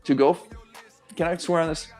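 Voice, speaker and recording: A man's voice: fairly high pitch, fairly even intonation, moderate pace, a little mellow, faint music behind. A young man as a guest on a radio interview show, talking with passion and emphasis and swearing freely. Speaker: guest, pro athlete and coach.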